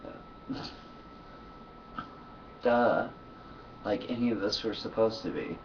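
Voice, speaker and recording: A man's voice: on the low side, steady tone, slow, distant mic, lo-fi sound, a little hiss or hum. A man talking to his camera in a loose, profane monologue, sleepy and yawning, laughing often between thoughts. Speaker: vlogger. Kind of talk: casual rambling monologue.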